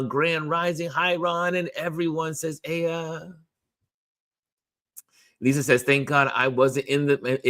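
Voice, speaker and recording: A man hosting a daily live stream, chatting casually and reading out viewer comments, repeating phrases in a chatty way. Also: medium pitch. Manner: chatty, repeats phrases, lively sing-song delivery. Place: New York.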